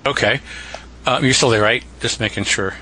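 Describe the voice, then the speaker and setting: A man's voice: mid-range voice, moderate pace, pushed and bright, a little hiss or hum, rough recording. A man hosting a casual interview who draws the guest out with loose, thinking-aloud questions. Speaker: podcast host.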